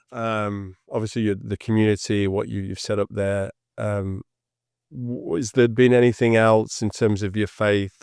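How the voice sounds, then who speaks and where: Low-voiced male host, hesitant rambling questions, dry call audio. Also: creaky, a little mellow, clear, resonant tone, no room sound. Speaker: podcast host. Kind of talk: interview. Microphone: video call.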